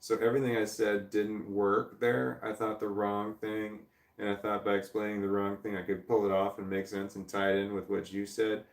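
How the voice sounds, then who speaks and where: A man's voice: fairly low pitch, flat delivery, normal speed, roomy sound, recorded from a distance. A man hosting a casual livestream from a chair indoors, rambling and self-deprecating as he answers chat. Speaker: livestream host. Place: indoor room, seated in a creaky chair.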